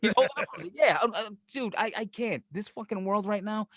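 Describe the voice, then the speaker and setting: A middle-aged man with a New York accent, blunt and profane, co-hosts a podcast. He talks very fast and sarcastically in a fairly high voice. The sound is dry and close. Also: a bit bright, no room sound. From Brooklyn, New York. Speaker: podcast co-host. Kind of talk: casual chat.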